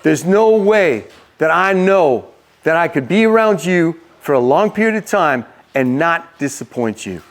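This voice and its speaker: A frank, tired fisherman who speaks his mind plainly and casually, as a preacher puts him on. His voice sits high for a man. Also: huge pitch swings, moderate pace, fairly bright tone, breathy edge, heavily acted. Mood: pleading. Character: weary, blunt fisherman Peter, grown man.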